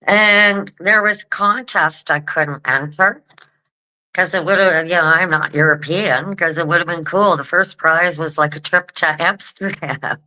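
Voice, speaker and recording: Slow, chatty woman host. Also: on the low side, bright, forceful tone, low-quality recording. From Canada. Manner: rambling and chatty, repeats words, laughs often. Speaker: show host. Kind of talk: casual chat to viewers.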